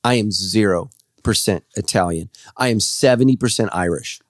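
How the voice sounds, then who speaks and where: A man in his forties, a pastor hosting a podcast, telling stories loudly with quick laughs. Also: fairly low pitch, no echo, clean studio sound. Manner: loud, lively storyteller, quick laughs. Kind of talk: casual podcast chat. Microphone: studio podcast microphone.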